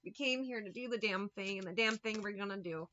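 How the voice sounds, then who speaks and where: A woman's voice: medium pitch, fairly quick, dull audio, very noisy. A woman giving a channeled tarot reading, emphatic and encouraging, swearing casually as she talks. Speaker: tarot reader.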